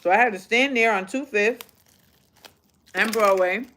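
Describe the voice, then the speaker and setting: A woman hosting a live stream, chatting casually and telling a story in a sassy, animated way, acting out the dialogue. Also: mid-range voice, unhurried. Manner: animated, sassy, acts out quoted exchanges. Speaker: livestream host.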